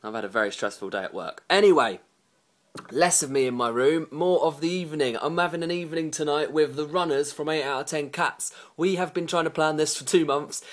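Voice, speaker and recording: A man's voice: fairly high pitch, fairly quick. A young man talking casually to camera in a vlog, rambling and joking at his own expense, tipsy and hiccuping. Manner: chatty, rambling, self-mocking. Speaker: vlogger.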